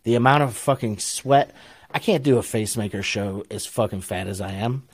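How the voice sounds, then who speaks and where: A man's voice: fairly low pitch, normal speed, breathy edge, no echo, clean studio sound. A middle-aged man with an Ohio accent, telling a long story on a podcast in a laid-back, profane way and laughing often. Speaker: podcast co-host. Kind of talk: casual chat, storytelling.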